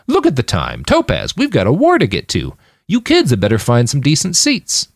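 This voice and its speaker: Brief: man voicing a calm big warrior in a story reading, low and steady, firm. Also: moderate pace, no echo, studio quality, full character voice. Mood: mock cheerful.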